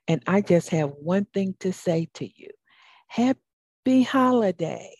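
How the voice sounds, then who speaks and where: A woman's voice: on the low side, moderate pace, mellow, no echo. A middle-aged woman with a Southern US accent hosting a radio talk show, folksy and encouraging, drawing some words out. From Atlanta, US. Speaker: host.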